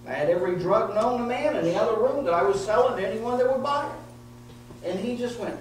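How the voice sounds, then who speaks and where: A man's voice: very high-pitched, lively intonation, normal speed. A male pastor preaching an earnest, emotional sermon full of repeated phrases. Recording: echoey room heard from a distance with faint noise.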